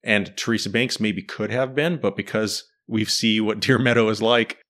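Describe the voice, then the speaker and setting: A man's voice: on the low side, steady tone, moderate pace, fairly bright tone. A man in casual chat, animatedly breaking down a TV series and quizzing his co-host. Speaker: podcast host discussing a TV series.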